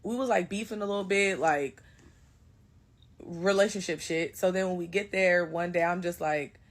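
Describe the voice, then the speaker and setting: A young woman telling a personal story in a casual, animated way, acting out quotes and bursting into loud outrage. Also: fairly low pitch, normal speed, rough recording.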